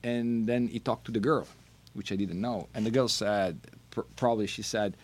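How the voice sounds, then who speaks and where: Brief: middle-aged Italian man, Italian accent, lowish voice, lively, halting storyteller guest. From Italy. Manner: animated, laughing, halting non-native phrasing. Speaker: podcast guest, wine brand manager. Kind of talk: casual storytelling interview.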